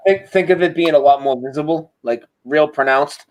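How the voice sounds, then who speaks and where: A man as an interview guest, telling a story in a casual, animated way over a video call. He acts out sounds and swears freely. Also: fairly high pitch, normal speed, low-quality recording.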